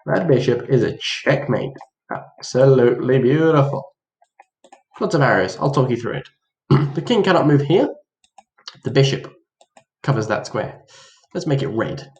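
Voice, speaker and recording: A man's voice: medium pitch, big pitch swings, moderate pace, pauses often, a little mellow. A man giving a casual chess lesson, playful and mock-dramatic, acting out both players' reactions. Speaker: chess teacher. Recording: roomy echo.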